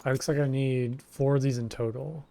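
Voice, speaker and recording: A man's voice: medium pitch, level tone, normal speed, vocal fry, mellow. A man streaming a video game, making amused, chatty asides between dialogue lines. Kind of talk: casual gaming commentary. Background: faint game music.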